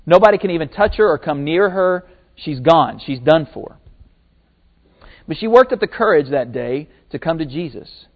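Male pastor mid-sermon, slightly high voice, lively retelling, thin narrow-band recording. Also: moderate pace. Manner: animated storytelling, acting out quotes. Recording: tinny phone-like sermon recording.

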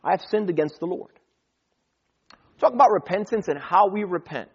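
A man with a high, slightly husky voice preaches a casual, conversational sermon. He quotes scripture and slips briefly into the voices of the people in the stories. The recording sounds dull and lo-fi. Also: expressive, normal speed.

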